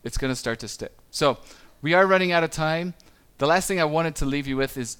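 A man's voice: medium pitch, a bit bright, clean tone. Man preaching in a conversational way. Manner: conversational, with small stumbles and quick acted-out quotes. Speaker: pastor. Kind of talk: sermon.

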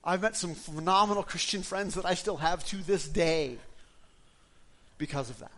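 A man's voice: high-pitched, moderate pace, pushed and bright. A middle-aged male pastor preaching a sermon in a conversational, storytelling way, often restarting his sentences.

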